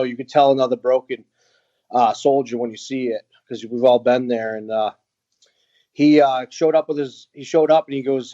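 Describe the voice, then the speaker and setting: A man with a middle-pitched voice tells his story as a podcast guest, earnest and halting, full of pauses and restarts. The audio sounds dull and lo-fi. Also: dark tone. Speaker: guest, veteran who runs an outdoor organization for veterans. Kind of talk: candid storytelling in interview.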